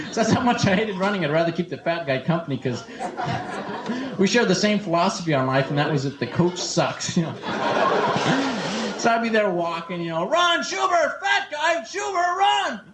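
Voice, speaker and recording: On a comedy club stage before a live audience, a man with a voice on the high side performs stand-up, joking, acting out characters and stammering over his restarts. The room is echoey, with background noise and audience laughter.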